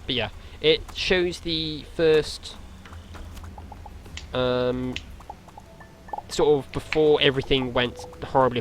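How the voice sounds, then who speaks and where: A man's voice: mid-range voice, fairly even intonation, slow, pauses often, slight background noise. A young man chatting casually while streaming a game, rambling and hesitant with frequent ums. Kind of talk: casual chat while gaming. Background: game music.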